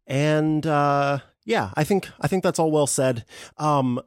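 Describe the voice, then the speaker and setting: A man's voice: on the high side, takes it slowly, smooth, dry recording, clean studio sound. A man hosting a casual tech podcast, chatty and full of fillers, laughing often. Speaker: podcast host.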